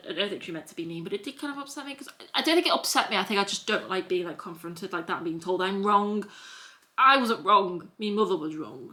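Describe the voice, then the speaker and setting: A woman's voice: mid-range voice, bright, forceful tone. A young woman with a Scouse accent, telling a story at home in a rambling, repetitive vlog chat. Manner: rambling and repetitive, piling up restarts. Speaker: vlogger. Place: at home, sitting in a hoodie.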